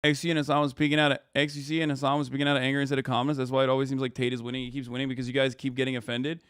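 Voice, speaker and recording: Male streamer, heated profane reaction, smooth voice, dry close mic. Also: medium pitch, level tone, very fast, a bit bright, dry recording. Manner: heated, profane, sarcastic rant. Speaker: livestream host. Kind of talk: reacting to a debate clip.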